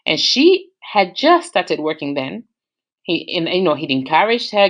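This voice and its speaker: A woman with an Australian accent telling a personal relationship story in a casual, animated way, jumping in pitch for emphasis. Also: unhurried.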